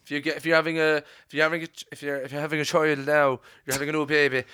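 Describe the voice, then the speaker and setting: Rambling deadpan comedian, higher voice. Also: male voice, rapid-fire, clean tone. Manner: rambling and deadpan, full of restarts. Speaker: comedian guest. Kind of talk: casual comedic chat.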